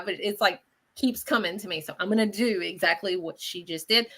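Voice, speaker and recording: Woman psychic, bright, forceful tone, chatty and reassuring. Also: medium pitch, brisk, slightly rough. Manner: chatty and animated, often checking in with "okay?". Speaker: psychic medium giving live readings. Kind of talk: live radio show reading.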